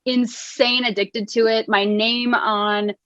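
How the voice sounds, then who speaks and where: A woman's voice: fairly high pitch, little pitch movement, slow pace, bright, forceful tone, lo-fi sound. A woman in her thirties, a wellness coach, chatting in an interview, laughing often and using lots of fillers. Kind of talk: casual interview chat.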